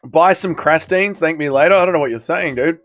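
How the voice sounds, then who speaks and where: A man's voice: a little high, fairly quick, fairly bright tone, faint music behind. A man hosting a casual livestream watch party, tired and hungover, rambling and swearing in slangy banter with his chat. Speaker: livestream host.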